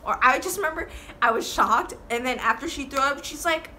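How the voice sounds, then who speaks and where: Young woman telling a wild story, says like a lot, cusses, bright high voice. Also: brisk, slight background noise. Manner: rambling, profane, heavy on "like". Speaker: vlogger. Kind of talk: casual storytime.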